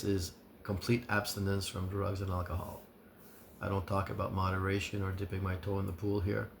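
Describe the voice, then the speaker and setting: Gravelly low-voiced man, sincere. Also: a little hiss or hum. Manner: sincere, measured, listing points with pauses. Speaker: recovery vlogger. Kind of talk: earnest advice monologue.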